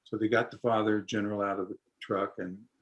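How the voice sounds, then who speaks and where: Low-voiced man telling a folksy story. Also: flat delivery, fairly bright tone, dull audio. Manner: unhurried folksy storytelling, acting out voices lightly. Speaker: storyteller and musician.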